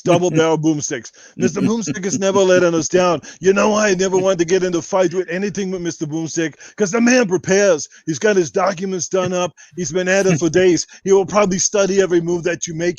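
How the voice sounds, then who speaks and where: A man's voice: sits high, dry recording, muffled recording, close to an everyday voice. A man doing a brash bodybuilder impression. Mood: mocking. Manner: brash, boastful, rambling, trash-talking. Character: boastful muscle-bound Austrian bodybuilder, adult man. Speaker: podcast guest doing an impression. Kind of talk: comedic impression in podcast chat.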